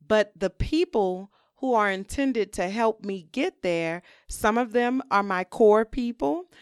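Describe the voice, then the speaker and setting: A woman's voice: medium pitch, clean tone, dry recording, clean studio sound. Candid woman talking on her podcast. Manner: candid, conversational, many "you know" fillers. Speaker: podcast host. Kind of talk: reflective solo podcast monologue.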